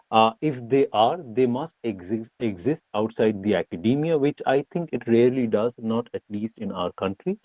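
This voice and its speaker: A man's voice: medium pitch, no echo. Man lecturing over tinny call audio. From India. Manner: rhetorical questions, frequent uh fillers and restarts. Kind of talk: academic online lecture. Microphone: video call.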